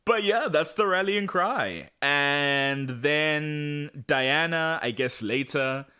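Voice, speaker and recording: A man's voice: fairly high pitch, slow pace, bright, forceful tone, smooth. A man co-hosting a podcast, recapping a TV episode in casual chat, sarcastic and acting out the characters' lines. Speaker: podcast co-host.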